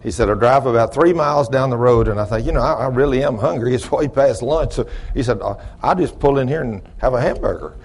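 A man's voice: mid-range voice, brisk, few pauses, breathy edge. A middle-aged man, preaching and telling a long story in a sermon. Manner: shouts praise, then drops to quiet storytelling. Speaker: pastor.

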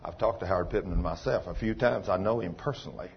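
A man preaching a folksy, impassioned sermon, swinging between loud pleading and low quiet. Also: fast, vocal fry, slight background noise. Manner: folksy, plain-spoken. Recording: dull lo-fi recording.

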